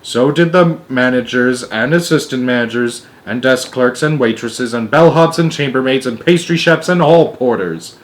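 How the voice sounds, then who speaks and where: A man's voice: mid-range voice, normal speed, hardly any pauses. A man narrating a children's book aloud, with joking asides. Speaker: storyteller.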